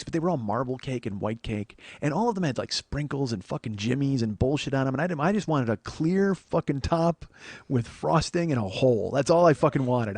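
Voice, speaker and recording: Animated, profane comic storyteller, a man. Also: mid-range voice, no room sound. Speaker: comedian telling a story.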